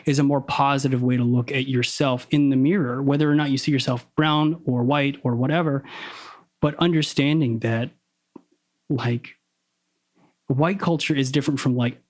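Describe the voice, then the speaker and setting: A man's voice: mid-range voice, fairly even intonation, a little mellow. A man talking as a podcast guest, over-enunciating his words on purpose and stopping to correct himself as he probes ideas. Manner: deliberately crisp, over-enunciated diction; analytical, probing, self-correcting. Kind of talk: casual conversation.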